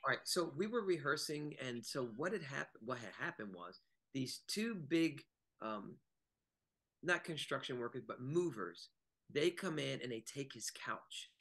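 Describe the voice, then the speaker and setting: A man from Virginia tells backstage stories as a podcast guest, acting out the voices of the people in them. His tone is bright and clear. He talks in a relaxed, chatty way. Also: medium pitch, measured pace. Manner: animated anecdote telling with acted quotes. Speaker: guest, actor and choreographer. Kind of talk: casual interview storytelling.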